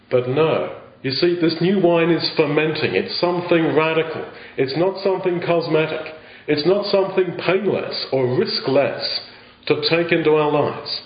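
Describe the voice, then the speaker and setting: A man preaching a sermon in an earnest way, asking rhetorical questions and often restarting his phrases. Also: a little high. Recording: echoey, dull lo-fi sound.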